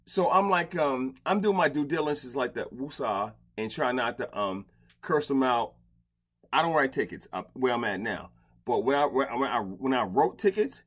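A middle-aged man hosts a casual interview with a husky edge to his voice. He is blunt and profane, swinging from low grumbles to loud, animated rants. The sound is close and dry, from a closet lined with blankets. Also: moderate pace. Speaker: podcast host. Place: home closet padded with blankets.

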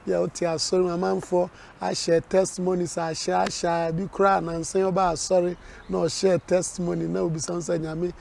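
High-voiced gravelly Ghanaian man. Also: level tone, moderate pace, hardly any pauses, a little mellow, slight background noise. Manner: breaks into singing his song lines. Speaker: gospel musician and reverend being interviewed. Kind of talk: casual interview chat.

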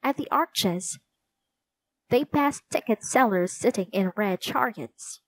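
Slow, clear woman storyteller. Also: mid-range voice, animated. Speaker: storybook reader. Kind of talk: children's book narration.

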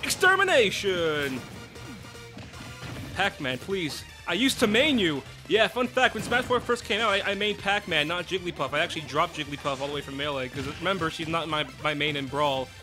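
A man giving excitable, chatty let's play commentary, breaking into sudden outbursts and restarting his sentences. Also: fairly high pitch, brisk, few pauses. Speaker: gaming YouTuber. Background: game music.

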